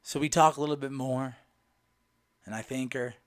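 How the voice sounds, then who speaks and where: A man telling a personal story in a lively way, retelling the dialogue line by line. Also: medium pitch, normal speed. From Southern United States. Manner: animated, retells dialogue with "I go" and "she goes".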